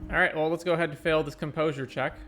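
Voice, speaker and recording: A man's voice: a little high, steady tone, fast, fairly bright tone, soft background music. A man streaming a game and reading its dialogue aloud in a wry, offhand manner.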